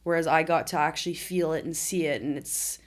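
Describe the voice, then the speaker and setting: Earnest young woman, low voice. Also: fairly even intonation, fairly quick. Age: 20s. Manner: candid, earnest, often emotional storytelling. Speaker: podcast guest. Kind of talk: conversational interview.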